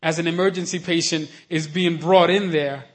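Preaching at a normal speed, this man has a voice on the high side and fairly even intonation. He speaks to his listeners conversationally with "you know what I mean?" and alternates between quiet, earnest instruction and shouts of hallelujah.

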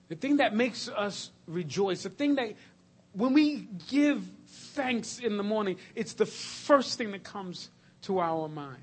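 A man preaching a sermon, swinging between loud, emphatic lists and hushed, slow passages. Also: sits high, slightly rough.

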